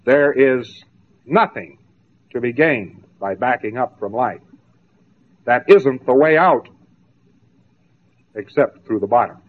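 A man's voice: mid-range voice, animated, takes it slowly, long pauses. A man giving a spoken lecture, mocking and sarcastic as he tells stories to make his point. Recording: tinny narrow-band old tape.

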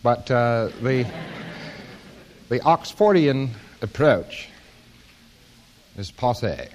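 A man's voice: mid-range voice, very animated, very slow, darkish tone, slight background noise. An American man giving an informal lecture to an audience, with a wry, joking, rambling delivery.

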